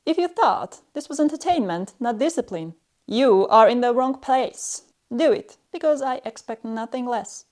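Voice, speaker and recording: A woman's voice: fairly high pitch, animated, a little mellow. Stern, condescending woman teacher. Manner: slow, clipped delivery with pauses between short phrases. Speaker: language teacher. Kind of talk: scripted lesson narration.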